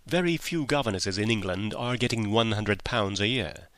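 A man reading a story aloud in measured scripted narration. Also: fairly low pitch, fairly bright tone, dry recording. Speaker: audiobook reader.

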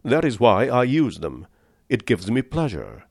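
A man's voice: mid-range voice, wildly swooping pitch, measured pace, gravelly, no room sound, studio quality, pitched above the performer's own voice, heavily acted. A man reading the part of a polished, amused and condescending aristocratic general with cold-blooded views. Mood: suave.

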